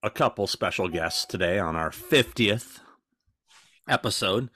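A man's voice: fairly low pitch, unhurried, slightly rough. A man co-hosting a podcast, telling stories in a casual, profane way and acting out other people's voices. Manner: animated storytelling, profane, acts out voices. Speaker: podcast co-host. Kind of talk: casual chat.

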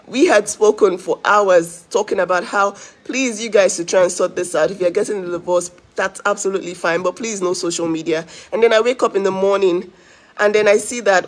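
A woman vlogger recounting private messages to her viewers in a casual, exasperated way, talking in rushed bursts. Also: mid-range voice.

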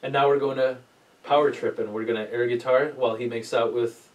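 A man on a casual podcast spins a rambling, profane story, raising his voice when he quotes friends. He sits a little away from the mic, so he sounds distant. He talks at an everyday middle pitch. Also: brisk. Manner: rambling storyteller, swears a lot, animated quoting. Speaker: podcast host. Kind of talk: casual chat.

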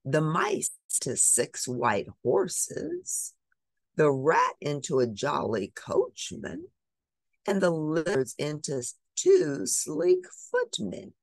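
Woman, storybook reader, expressive, very low voice, dry sound. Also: slow pace, no room sound. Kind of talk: reading a picture book aloud.

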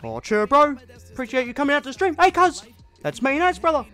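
A man's voice: very high-pitched, huge pitch swings, fast, sharp tone, faint music behind, voice pushed up, full character voice. A young man putting on a New Zealand accent as a friendly, slangy bloke greeting a mate. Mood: cheery. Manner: friendly, slangy, bro-talk.

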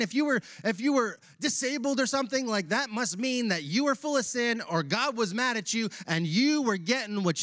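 A male pastor preaching a sermon in a church, casual and animated, using slang as he retells a Bible passage. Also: very high voice, no echo, studio quality. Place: church sanctuary.

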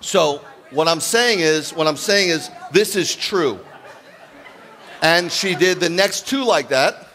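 A man in his fifties preaching as a rabbi, telling stories with jokes and acting out the dialogue in an animated sermon. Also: fairly high pitch, takes it slowly, some chatter behind. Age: 50s. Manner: animated, jokey, acts out quoted dialogue. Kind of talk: humorous storytelling sermon.

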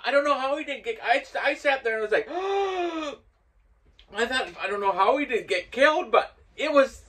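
An older man hosting and casually telling a story, growing loud and laughing as it builds. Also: very high voice, lively intonation, normal speed, a little hiss or hum. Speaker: host.

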